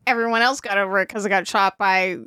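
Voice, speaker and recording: A woman's voice: mid-range voice, steady tone, fast, bright, forceful tone, clean tone, dry recording. A woman co-hosting a podcast in casual chat, joking and going off on tangents. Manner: jokey, goes off on tangents. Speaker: podcast co-host.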